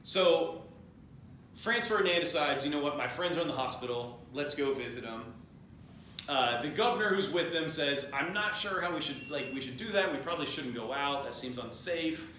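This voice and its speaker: A man's voice: a little high, normal speed, sharp tone. A man telling a history story at a party in a loose, joking, rambling way, acting out the voices of the people in it. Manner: rambling, jokey, acts out quoted voices. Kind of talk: comedic drunk history retelling. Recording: very echoey room with faint noise.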